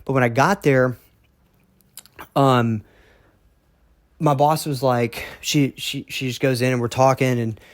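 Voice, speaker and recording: A man speaks slowly with a medium pitch and steady tone, pausing often as he tells his own story in a casual monologue. He's emphatic and blunt, repeating words, cursing occasionally, and checking in with "okay?" There is no echo.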